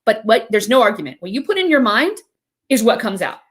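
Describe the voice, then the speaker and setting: Woman host chatting on a live devotional stream, lively and laughy, kinda high voice. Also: brisk. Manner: animated, laughs often. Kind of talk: casual devotional chat. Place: live video stream at home.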